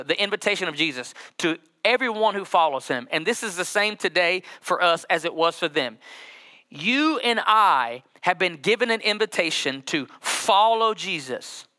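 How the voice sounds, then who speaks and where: A middle-aged man preaching a sermon as pastor, joking with the congregation and drawing out scripture slowly. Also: high voice, expressive, sharp tone. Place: church sanctuary with congregation.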